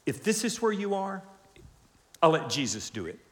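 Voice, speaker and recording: A man preaching a sermon to a congregation, animated, asking questions and acting out voices. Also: a little high, moderate pace. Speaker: pastor. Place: large church hall with congregation. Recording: long hall reverb.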